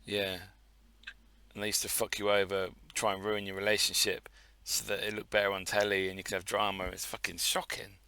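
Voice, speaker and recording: Man, podcast co-host, low pitch, bright forceful tone, dry close sound, blunt sweary teasing. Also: monotone, brisk, smooth, no room sound. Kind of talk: casual banter.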